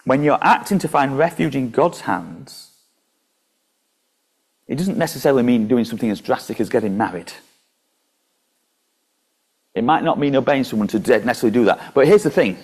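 A man's voice: medium pitch, expressive, moderate pace, pauses often, a little mellow, breathy edge. A man preaching a sermon and reading scripture aloud in a conversational way, with small slips and restarts.

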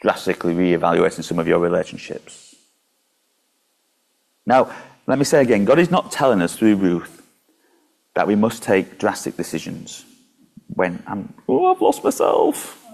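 A man's voice: low voice, lively intonation, normal speed, vocal fry, long pauses. A man preaching a sermon and reading scripture aloud in a conversational way, with small slips and restarts.

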